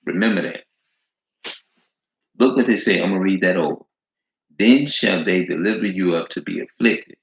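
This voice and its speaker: A man with a very low, gravelly voice preaches in a loose, slangy way, hammering each point by repeating it. He reads scripture aloud between his remarks. The sound is roomy and echoey, with a dull, lo-fi edge. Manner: emphatic, repetitive, slangy, drawn-out stresses. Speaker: street preacher. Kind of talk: informal preaching with scripture reading.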